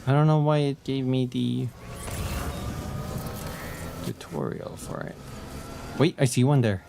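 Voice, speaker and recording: A man streaming a video game, chatting excitedly and reading the game text aloud. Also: medium pitch, slow, gravelly, noisy background. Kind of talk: casual gameplay commentary.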